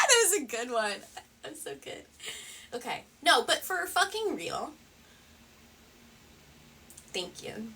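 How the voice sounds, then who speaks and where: A woman's voice: high-pitched, huge pitch swings, takes it slowly, pauses often, distant mic, very noisy. A woman hosting a reaction commentary video, sarcastic and rambling, swearing often.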